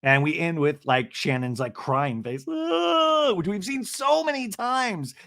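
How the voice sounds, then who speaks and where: A man's voice: fairly high pitch, lively intonation, unhurried, fairly bright tone. A man hosting a podcast, recapping a reality TV episode in a gossipy, profane, self-mocking way. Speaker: podcast host.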